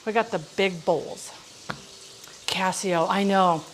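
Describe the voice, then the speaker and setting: A home cook streamer hosts a chatty live cooking stream, talking viewers through each step of a recipe while reading and answering their chat. Her voice is medium-pitched and her pace slow. Background noise can be heard.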